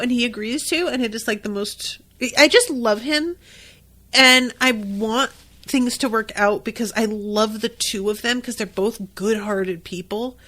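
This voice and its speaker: A woman's voice: a little high, a bit bright. A woman hosting a podcast, recapping a TV episode in casual chat, emotional and swearing freely, crying at times. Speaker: podcast host.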